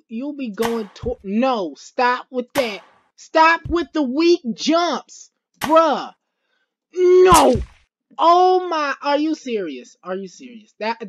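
A woman hosting a gaming video, commentating a let's play with excited yelps, shouts and slangy chatter. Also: fairly high pitch, a little hiss or hum. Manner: slangy, repeats phrases rapidly.

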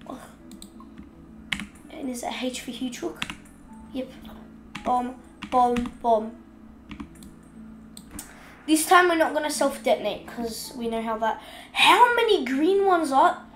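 A woman giving casual gameplay commentary, chatting along and scolding the fish in the game out loud while she has the hiccups. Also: sits high, lively intonation, slow, pauses often, roomy sound, a little hiss or hum. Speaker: gaming video host.

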